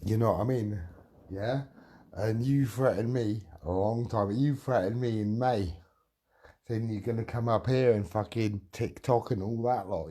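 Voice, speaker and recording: A man's voice: lowish voice, unhurried, dark tone. A middle-aged man on a livestream, ranting angrily and threatening someone while answering chat, with a lot of swearing.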